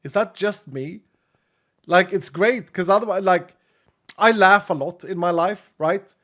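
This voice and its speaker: A male streamer in his late thirties talks casually to his live chat and reads out viewer messages. His voice sits somewhat high for a man. He is openly emotional and gushing, and he laughs a lot between lines. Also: unhurried, a bit bright. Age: late 30s.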